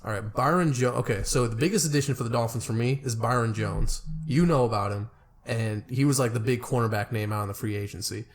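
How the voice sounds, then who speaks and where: A young man with a mid-pitched voice leads a casual football talk. He rambles in a laid-back way and stumbles over names now and then. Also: fast. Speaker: podcast co-host. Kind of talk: casual sports chat.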